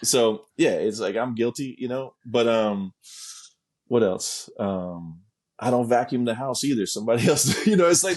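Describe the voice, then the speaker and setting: A man's voice: medium pitch, expressive, moderate pace, darkish tone. A middle-aged man telling stories as an interview guest, laid-back and profane, with laughing asides. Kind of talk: casual storytelling.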